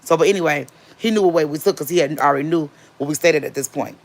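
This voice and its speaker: Woman, casual storytime, animated, repeats for emphasis. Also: low voice, quick pace, creaky. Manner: acts out quotes of others. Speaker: vlogger telling a personal story.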